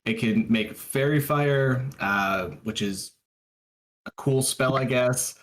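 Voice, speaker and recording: A man playing a tabletop game, talking casually in a hesitant, halting way. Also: mid-range voice. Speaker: player.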